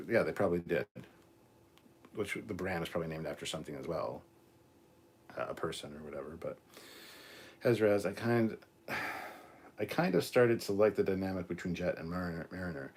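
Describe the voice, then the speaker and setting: A man's voice: sits low, expressive, moderate pace, pauses often, darkish tone, slightly rough. A man hosting a live stream, reading out chat comments in a casual, crude way with plenty of swearing. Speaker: host.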